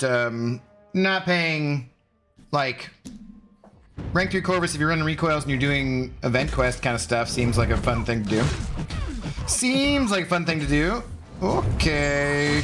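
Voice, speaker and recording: A man's voice: a little high, fairly bright tone. A man casually chatting with viewers while live-streaming a mobile game, greeting them by name.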